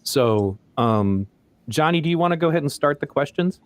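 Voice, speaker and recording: A man co-hosting an interview, introducing the guests in an earnest, measured way. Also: a little high, expressive, dry recording. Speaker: co-host.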